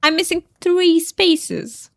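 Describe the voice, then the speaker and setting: A woman's voice: extremely high pitch, level tone, slow pace, fairly bright tone, no echo, clean studio sound. A young woman chatting casually while streaming a game, laughing often and making fun of herself.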